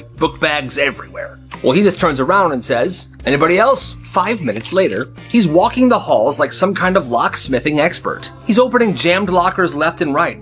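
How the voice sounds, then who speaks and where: A young man spins comic school stories over faint music, his voice sitting a little high and bouncing lively up and down. He is animated, and he keeps breaking into quick character voices. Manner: animated, switching between narration and quick voices. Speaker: storyteller. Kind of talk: comedic storytelling with character voices.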